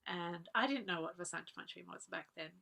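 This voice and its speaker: Woman, forties, somewhat low voice, earnest, heartfelt, personal memories. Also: brisk, gravelly. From Australia. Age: 40s. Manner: earnest, heartfelt, often laughing softly. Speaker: guest speaker. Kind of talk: personal reminiscence talk.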